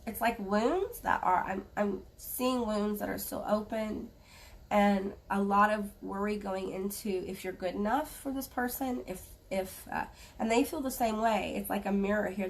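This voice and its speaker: A woman giving a spoken tarot reading to viewers, earnest and halting, offering gentle reassurance. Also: mid-range voice, far from the mic. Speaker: tarot reader.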